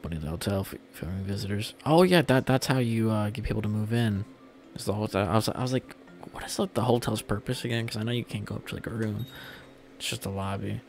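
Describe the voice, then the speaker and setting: This young streamer talks fast in a fairly low, slightly mellow voice, loosely chatting with viewers during gameplay and occasionally cursing. Faint music plays in the background.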